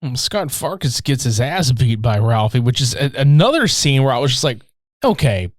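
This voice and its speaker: A man's voice: mid-range voice, big pitch swings, normal speed, no room sound, studio quality. Man casually swearing through a movie recap. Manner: profane, laid-back scene retelling. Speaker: podcast co-host. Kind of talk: casual movie-review chat.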